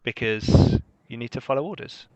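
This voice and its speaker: A man's voice: medium pitch, sing-song, normal speed, a little mellow, no room sound, muffled recording. A man explaining his character choices in a laid-back way while playing a tabletop game. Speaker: game host, player. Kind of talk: casual tabletop chat.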